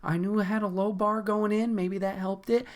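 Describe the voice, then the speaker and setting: A man's voice: high voice, fairly even intonation, moderate pace. A man hosting a podcast in a casual, profane, exasperated rant, laughing often. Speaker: podcast host.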